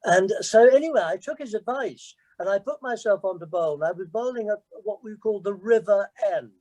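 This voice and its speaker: A man's voice: brisk, darkish tone, no echo, low-quality recording. A former cricket captain in his sixties, guest of an online Q&A, telling self-deprecating anecdotes in a chatty, storytelling manner over a video call. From England. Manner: self-deprecating, chatty, jumps in pitch when quoting others.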